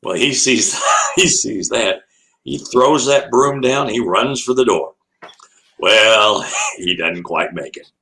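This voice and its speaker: A man's voice: lowish voice, slow pace, bright, forceful tone, slight background noise, poor audio. An older man, an animal educator, telling a long anecdote as an interview guest, laughing often and acting out the voices in his story.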